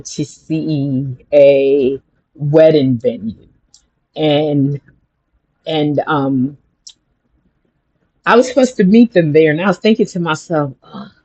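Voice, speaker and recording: A spiritual vlogger talks straight to the camera in a casual motivational vlog, rambling and chatty. The voice sits at a middle pitch, and the stories come out with lively energy. The sound is a little dull and lo-fi. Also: husky. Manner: chatty, rambling, animated storytelling.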